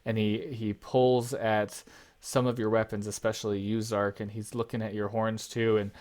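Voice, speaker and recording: A man's voice: lowish voice, flat delivery, moderate pace, a little mellow. Man, game master, casual narration, tabletop game, frequent fillers.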